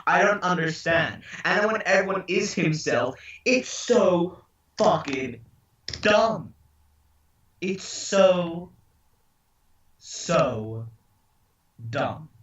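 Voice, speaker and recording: A man's voice: sits high, extremely slow, pauses often, a little hiss or hum. Sweary man ranting, echoey room. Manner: sweary, exasperated, animated. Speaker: podcast co-host. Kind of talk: casual ranting review. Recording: echoey, distant, dull-sounding room mic.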